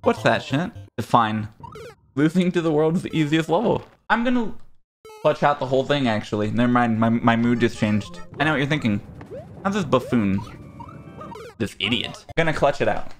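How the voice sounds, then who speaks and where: A young gaming streamer with a fairly high, sing-song, fairly bright voice plays a platform game at a moderate pace over soft background music. His casual commentary is sarcastic and self-mocking, and he yelps and swears when he fails.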